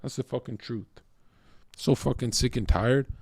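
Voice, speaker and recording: A man's voice: mid-range voice, moderate pace, creaky, a little mellow, slightly rough, no room sound. A man live streaming, ranting angrily and hurling mocking, profane insults at a viewer in chat. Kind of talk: angry rant at a chat viewer.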